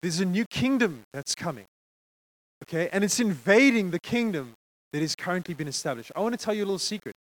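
A man preaches to a congregation in a conversational, animated way, often pausing for asides that check in with his listeners. His voice is high-pitched and fairly quick. The recording is dry and the audio quality poor.

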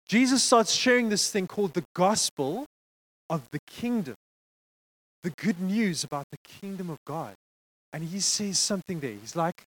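A man preaching a sermon to a congregation, conversational and animated, checking in with frequent asides to the listeners. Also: high voice, normal speed, dry recording, poor audio.

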